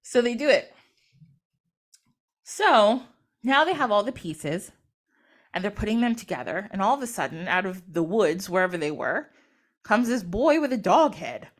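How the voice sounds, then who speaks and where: A woman's voice: medium pitch, lively intonation, normal speed, pauses often. A woman retelling a myth in casual storytelling style, chatty, acting out the characters through quoted dialogue. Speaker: podcast host or guest.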